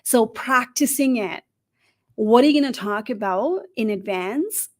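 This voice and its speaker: On her live stream, this non-native English-speaking career coach in middle age offers interview tips with energy, putting questions to viewers and frequently adding "right?". Her voice runs high and she takes her time.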